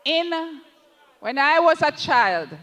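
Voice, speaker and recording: A parliamentary candidate with a Jamaican accent gives an impassioned political rally speech, slow and emphatic, repeatedly turning to address the party leader. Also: high voice, lively intonation, fairly bright tone, big-room sound.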